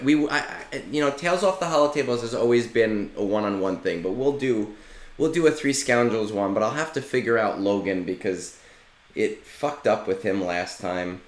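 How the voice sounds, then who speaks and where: A male game streamer talks casually in a lowish voice, loose and swearing freely. His voice carries a noticeable room echo, as if he sits in a bare space. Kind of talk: casual live-stream chat.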